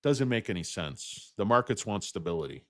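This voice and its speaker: A man's voice: expressive, moderate pace, no room sound. Guy ranting on his stock stream, swears a lot, voice jumps all over, dry close sound. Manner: profane, blunt and indignant; swings between loud outbursts and low muttered asides. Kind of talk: livestream rant answering chat.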